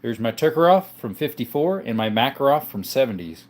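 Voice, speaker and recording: A man's voice: mid-range voice, very animated, brisk. Laid-back man hosting a live chat. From Arizona, US. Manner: laid-back, answers chat questions one by one. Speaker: livestream host. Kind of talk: casual live chat reading viewer comments.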